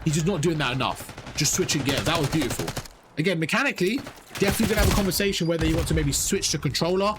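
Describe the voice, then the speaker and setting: A man with a higher voice races through live coaching over a game, repeating urgent commands and talking to his chat, while game gunfire and sound effects boom loudly behind him.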